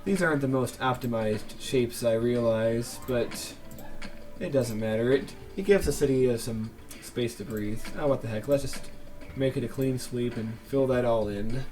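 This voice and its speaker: A man's voice: mid-range voice, normal speed, darkish tone, soft background music. A man hosting a let's play, casually commenting on his gameplay with chatty, joking asides.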